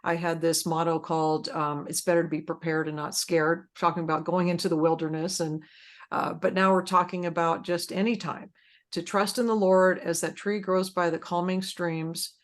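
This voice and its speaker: A woman's voice: on the low side, flat delivery, moderate pace. A woman hosting a support group session, chatting casually, rambling with frequent fillers and restarts.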